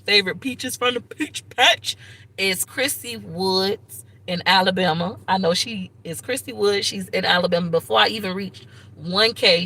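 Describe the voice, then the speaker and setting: A woman hosting a casual live stream, chatting to her viewers in a slangy, effusive way and now and then shrieking with excitement. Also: lowish voice, slight background noise, low-quality recording. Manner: slangy, chatty, talks straight to viewers as "y'all".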